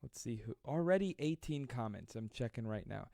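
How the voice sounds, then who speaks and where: A man in his twenties hosting a live stream, reading viewer comments aloud and joking with a fast, self-deprecating manner. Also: medium pitch, animated, creaky, mellow, no echo, clean studio sound. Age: 20s. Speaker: livestream host.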